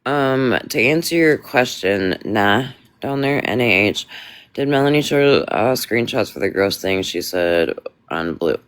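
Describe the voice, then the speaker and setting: A man hosting a live stream, calmly mediating an argument between callers. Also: mid-range voice, measured pace, smooth, no echo. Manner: calm, mediating, tells speakers to hold on. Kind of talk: moderating a live stream dispute.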